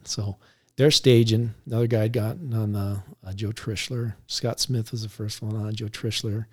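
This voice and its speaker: A man, a police officer, recounting a story in a relaxed conversational way, laughing now and then as he talks. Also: on the low side, normal speed, slightly rough. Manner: animated, laughs while recounting.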